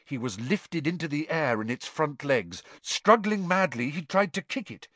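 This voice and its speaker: Lively male audiobook narrator. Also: a little high, moderate pace, dry recording. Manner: expressive, rises with the action. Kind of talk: dramatic audiobook reading.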